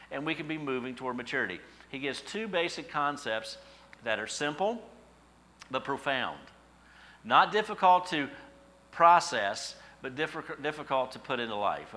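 Bright-voiced male pastor preaching. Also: mid-range voice, animated, moderate pace. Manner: conversational preaching, rising to emphatic peaks. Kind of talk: sermon.

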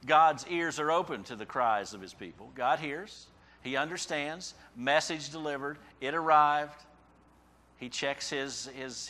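A man's voice: fairly high pitch, sharp tone. A man preaching a sermon in a conversational way who often checks in with "okay?" and rises sharply when he voices a prophet's cries. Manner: conversational asides ending in "okay?". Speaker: pastor.

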